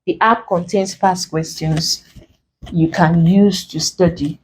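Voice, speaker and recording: A woman's voice: fairly low pitch, steady tone, slow pace, slight background noise. A woman teaching an exam lesson, explaining rules patiently step by step. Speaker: English exam tutor. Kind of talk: recorded classroom lesson.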